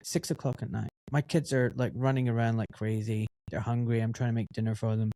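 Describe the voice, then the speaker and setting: Man hosting a podcast, chatty storyteller, dry close sound, mid pitch. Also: a little fast, no echo. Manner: summarizes and tells stories, animated. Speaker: podcast host. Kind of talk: casual interview chat.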